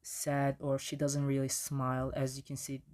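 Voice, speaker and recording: A man's voice: medium pitch, completely flat delivery, moderate pace, darkish tone. A man giving a casual slide presentation on language in the classroom, with frequent restarts and fillers.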